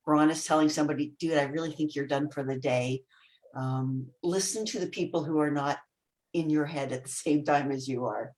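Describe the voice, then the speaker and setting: A woman coaching on a panel in casual talk, emphatic and quick to interject. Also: low-pitched, a little mellow.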